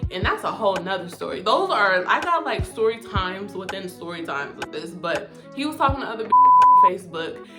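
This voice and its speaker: A young woman telling a personal story in a casual storytime vlog, profane and animated, jumping high in pitch when she acts out what people said. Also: moderate pace. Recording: music playing behind the voice.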